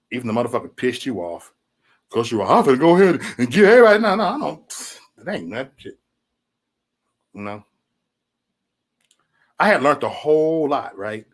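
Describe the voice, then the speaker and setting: A man's voice: mid-range voice, animated, moderate pace, long pauses, breathy edge. A man hosting a casual livestream chat, rambling loosely, swearing, often saying "man" and chuckling between remarks. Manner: loose rambling talk, profanity, frequent "man". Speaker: livestream host.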